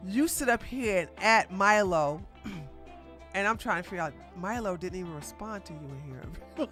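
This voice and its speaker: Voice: medium pitch, animated, measured pace, over music. A live-stream commentator running through online drama in a blunt, sassy, trash-talking way, often speaking straight to the people being discussed.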